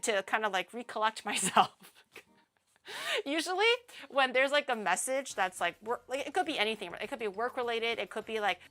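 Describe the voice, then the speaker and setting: A woman's voice: mid-range voice, pushed and bright. A young woman streamer telling a story in a casual, rambling way, often laughing as she goes.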